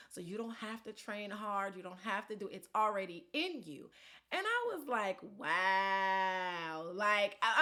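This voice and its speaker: Lively laughing woman vlogger. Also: a little high. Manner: animated, laughs often, loud bursts. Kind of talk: casual storytelling to camera.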